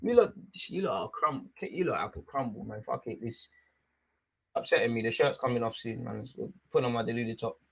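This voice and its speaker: A young man hosting a live football watchalong. He is excitable, shouts at the referee and drops to low mutters in between. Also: fairly quick, gravelly, slightly rough. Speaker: fan watchalong host.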